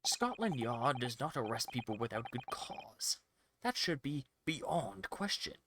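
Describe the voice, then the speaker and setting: Brief: man voicing an arrogant aristocratic prosecutor, slow and theatrical, game music behind. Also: mid-range voice, sing-song, noisy background. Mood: disdainful.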